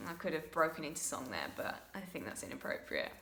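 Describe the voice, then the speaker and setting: A woman teaching a slow yoga class, moving from a loose chatty intro with fillers to soft, unhurried cues for breathing and poses. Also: sits low, big pitch swings, creaky. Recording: very echoey room with faint noise.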